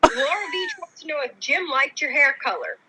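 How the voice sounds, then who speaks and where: A woman's voice: sits high, wildly swooping pitch, normal speed. A woman co-hosting a live stream, reading viewer comments aloud in a giggly way. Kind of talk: casual live-stream chat. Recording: noisy background.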